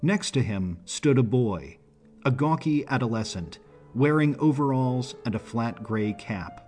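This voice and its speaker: A man narrating an audiobook story in a measured, even delivery. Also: mid-range voice, faint music behind.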